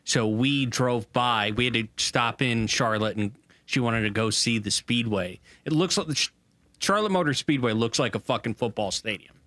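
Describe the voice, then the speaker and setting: A man co-hosting a sports podcast, telling a rambling story full of pauses and fillers. His voice has a bright, forward edge. The recording is dry and close. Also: mid-range voice, no room sound. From Southern United States. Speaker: podcast co-host. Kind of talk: casual sports podcast banter.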